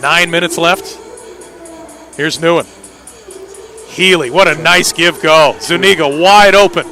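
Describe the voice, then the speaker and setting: A man doing live play-by-play commentary on an indoor soccer match, with quick calls that rise sharply on big plays. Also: fairly high pitch, pushed and bright, soft background music.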